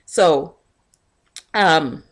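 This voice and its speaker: Animated low-voiced woman ranting. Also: very slow. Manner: animated storytelling, acting out quotes. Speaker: vlogger. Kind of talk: casual rant to camera.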